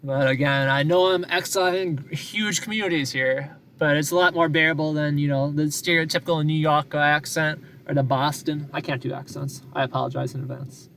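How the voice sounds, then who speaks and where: A man's voice: on the high side, fairly quick, gravelly, few pauses, fairly bright tone, slight background noise. A talkative man from Wisconsin with a Wisconsin accent, rambling casually to his live-stream viewers from a parked car. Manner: talkative, rambling, self-deprecating. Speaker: live-streaming news chaser.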